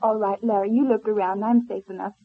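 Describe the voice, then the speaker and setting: A woman's voice: mid-range voice, steady tone, quick pace, lightly acted. A woman playing a spirited teasing young woman. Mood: playful. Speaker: radio drama actor. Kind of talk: 1930s radio serial acting. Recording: old narrow-band radio transfer.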